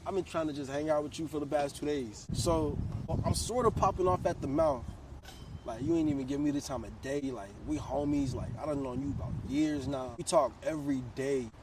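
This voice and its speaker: A man's voice: mid-range voice, fairly even intonation, a little fast, distant mic, noisy background. A man in his twenties telling a story from his own life in a casual, slangy way, swearing freely. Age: 20s.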